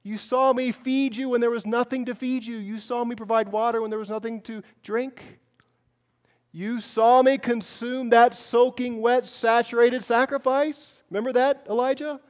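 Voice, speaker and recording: A man's voice: very high voice, steady tone, normal speed, pitched above the performer's own voice. A man voicing God in a sermon, emphatically reminding a prophet of his power. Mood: reassuring. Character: God, mighty and reassuring.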